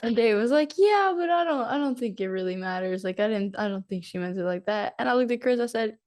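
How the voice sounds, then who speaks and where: A woman's voice: mid-range voice, fast, darkish tone, clear, resonant tone. A young woman with a Southern US accent, co-hosting a podcast in casual chat. She laughs a lot and drops into playful quoted voices. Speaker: podcast co-host.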